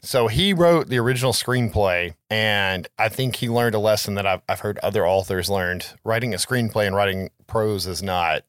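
A man's voice: on the low side, normal speed, few pauses, fairly bright tone, no room sound, studio quality. A man co-hosting a podcast in casual chat, rambling with lots of fillers and swearing freely. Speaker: podcast co-host.

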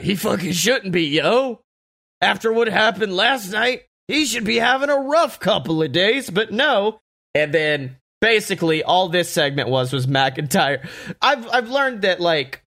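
A man hosting a casual podcast, talking excitedly and profanely with lots of laughter and mock quotes. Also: on the high side, creaky. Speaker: podcast host. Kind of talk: casual wrestling podcast chat.

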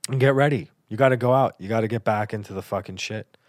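A man with a lowish voice hosting his podcast, swearing freely as he rambles through a casual monologue. He hesitates often and fills gaps with stray filler sounds. The recording is close and dry. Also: fast, dry recording. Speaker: podcast host.

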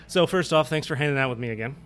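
A man's voice: mid-range voice, racing, a bit bright. A man hosting a podcast from the upstairs room of a pub, chatting casually, rambling and laughing easily. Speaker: podcast host.

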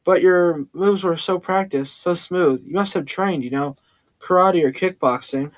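A man's voice: high voice, unhurried, no echo. A man voicing a cool, commanding young woman who speaks coldly. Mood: impressed. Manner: cool and cold.

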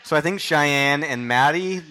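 A man's voice: fairly high pitch, measured pace, noisy background. A man hosting a podcast, chatting casually and teasing his guests. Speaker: podcast host. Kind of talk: casual chat.

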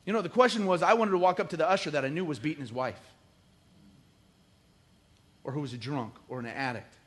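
Middle-aged man, pastor delivering a lively sermon; fairly high voice, jokes, builds to loud bursts. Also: brisk. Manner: animated, joking preacher with rising emphatic bursts.

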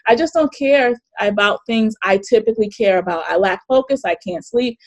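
A middle-aged woman hosting a live online workshop over a video call, chatty and animated, often laughing and reading chat comments aloud. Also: a little high, normal speed. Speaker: coach and webinar host.

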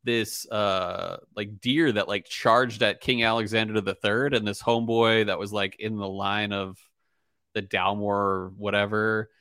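A man's voice: fairly low pitch, level tone, measured pace, sharp tone, no room sound, studio quality. A young man hosting a casual podcast chat, rambling with lots of fillers and easy laughter. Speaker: podcast host.

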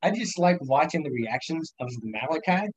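A man's voice: a little high, lively intonation, normal speed, breathy edge, no echo, low-quality recording. A young man casually telling rambling, profane stories on a podcast, laughing often as he talks. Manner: rambling storyteller, laughs a lot, lots of swearing. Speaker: podcast guest. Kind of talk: casual chat.

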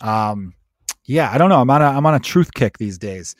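A man hosting his own podcast, ranting in a profane, animated, conversational way. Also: mid-range voice, normal speed, no echo, studio quality. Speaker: podcast host, comedian. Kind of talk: solo podcast rant.

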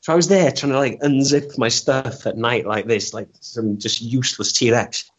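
A man with a medium-pitched voice and moderate pace tells stories as a guest in a casual interview, rambling and poking fun at himself while frequently stammering and starting over. The recording is dull and lo-fi.

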